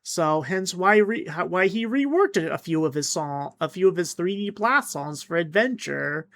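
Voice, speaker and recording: Animated, chatty song-countdown host. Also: mid-range voice, moderate pace. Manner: chatty and animated, with frequent restarts and fillers. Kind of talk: casual commentary over a song countdown.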